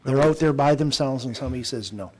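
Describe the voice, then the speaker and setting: A man's voice: mid-range voice, quick pace, slightly rough. A man, a council member asking probing questions at a meeting.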